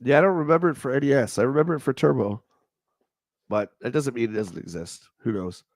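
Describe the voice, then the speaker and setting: Speaking quickly in a mid-range, slightly mellow voice, a stuffy-nosed man hosts a livestream from a studio with no room sound. He reads out old magazine reviews and riffs on each one, rambling and cracking jokes.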